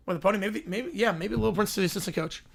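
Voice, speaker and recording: A man's voice: high-pitched, very fast, gravelly. A man hosting a live sports reaction stream, playfully reading out skits and laughing often. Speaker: livestream host.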